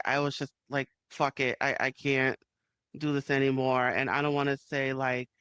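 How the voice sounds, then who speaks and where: Smooth-voiced man hosting, thinking aloud. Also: medium pitch, a bit bright, no echo. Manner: open, thinks aloud, speaks in restarts. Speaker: host. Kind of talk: casual interview talk.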